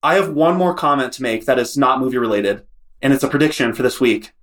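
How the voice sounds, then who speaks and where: A man's voice: mid-range voice, expressive, quick pace, fairly bright tone. A man on a casual podcast, playful and teasing the hosts. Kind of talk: casual chat.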